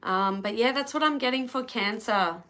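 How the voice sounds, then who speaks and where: Bright-voiced Australian woman reading tarot. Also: fairly high pitch, moderate pace. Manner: chatty, talks to live viewers between readings. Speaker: tarot reader. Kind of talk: live-stream tarot reading.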